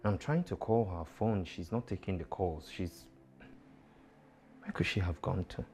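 A man's voice: deep voice, a little slow, a little mellow, a little hiss or hum. An actor playing a man anxiously searching for his missing girlfriend, stammering as he worries. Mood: worried.

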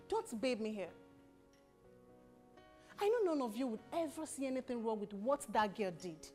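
An actress playing a bitter sister who scolds emphatically. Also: female voice, fairly high pitch, warm tone, close to an everyday voice. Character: bitter sister scolding her brother's woman.

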